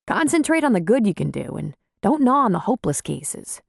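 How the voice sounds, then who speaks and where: A woman voicing a calm, plain-spoken man who runs a small-town bar, in an audiobook. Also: medium pitch, a little fast, gravelly, breathy edge, dry recording, clean studio sound, exaggerated voice. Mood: steady. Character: Jack, male small-town bar owner, calm and steady.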